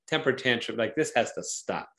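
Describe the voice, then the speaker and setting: A man, a psychologist, explaining parenting ideas in a conversational interview, animated and thoughtful, often acting out voices in quotes. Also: medium pitch, moderate pace, vocal fry. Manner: thoughtful, uses metaphors to explain. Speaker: psychologist and author, interview guest.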